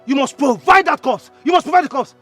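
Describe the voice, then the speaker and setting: A furious younger brother in a film, shouting high and fast, tripping over his own words. His voice swoops up and down with rage. A soft music bed sits under him. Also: lively intonation. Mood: angry. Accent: Nigerian. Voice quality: stammering, repetitive shouting. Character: furious younger brother, loud, stammering, defiant. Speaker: younger brother in a family feud. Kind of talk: Nollywood film acting.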